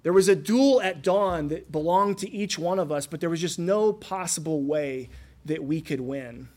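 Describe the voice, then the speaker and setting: Here a thirty-something pastor preaches, weaving stories earnestly and asking rhetorical questions, alternating between booming and quiet delivery. He speaks at a normal speed with a somewhat high voice.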